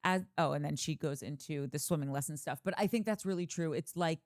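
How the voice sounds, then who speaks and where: A woman's voice: low-pitched, a little fast, no echo, clean studio sound. A woman co-hosting a podcast, chatting casually and reading out listener comments. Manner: chatty, reads comments aloud. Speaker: podcast co-host.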